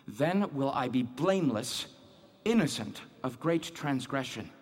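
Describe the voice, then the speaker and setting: An actor takes on the role of a religious, uneasy man reading scripture in solitude, continually questioning his guilt and faith in a searching, self-doubting manner. His medium-pitched voice is expressive and slightly rough, and he speaks a little slowly. The piece is a dramatic monologue.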